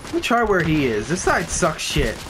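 A young man doing casual, profane let's-play commentary who swears a lot and gets excited easily. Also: on the high side, normal speed, noisy background. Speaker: gameplay commentator.

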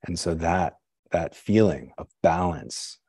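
A man speaks at a deep, low pitch with a husky, slightly breathy tone as he gives a Zen dharma talk. His delivery is conversational and musing, asking himself questions and checking in with the listeners. The voice is close and dry, with little room sound. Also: slow, dark tone, dry recording. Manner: frequent "right?" and "you know". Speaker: Zen teacher.

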